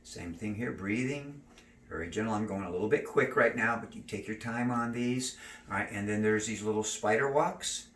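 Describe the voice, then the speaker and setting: A man teaching neck and shoulder stretches, giving calm step-by-step cues and slow breathing counts. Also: on the low side, distant mic. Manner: calm, cueing slow breathing and gentle moves. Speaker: stretching instructor. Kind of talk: exercise demonstration. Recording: roomy, from off mic.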